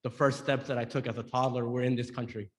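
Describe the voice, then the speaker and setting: A man's voice: mid-range voice, little pitch movement, long reverb tail. Earnest young man testifying, emotional. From Georgia, US. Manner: earnest, emotional, halting with repeats. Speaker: public witness. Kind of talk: committee testimony. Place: hearing room.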